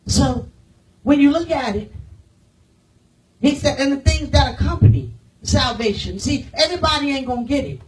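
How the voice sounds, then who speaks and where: A woman pastor preaching a sermon, firing rhetorical questions at the congregation and swinging from loud declarations to hushed, near-whispered lines. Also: sits high, lively intonation, normal speed, long pauses, recorded from a distance, rough recording.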